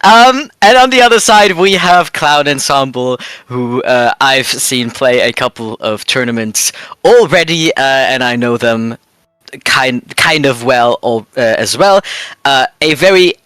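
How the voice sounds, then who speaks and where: A German man commentating an esports tournament livestream, chatty and quick to laugh at himself. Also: medium pitch, expressive, a bit bright, clear, resonant tone, dry recording.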